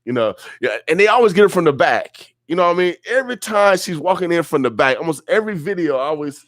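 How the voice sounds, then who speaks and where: This middle-aged host of a morning radio show sounds a little high and a bit bright, talking fast and expressively into a studio microphone with a dry sound. He chats and rambles loosely, returning often to his catchphrases.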